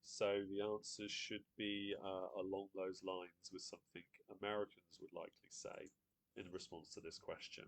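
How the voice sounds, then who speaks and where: A man's voice: low voice, little pitch movement, moderate pace. A man hosting a live online quiz, chatty, reading out viewer guesses and laughing often. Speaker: quiz host.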